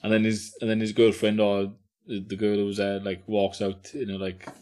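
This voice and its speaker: A man in his thirties chatting casually on a podcast, telling stories with swearing and lively imitated quotes. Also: on the low side, moderate pace. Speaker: podcast guest. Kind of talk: casual chat.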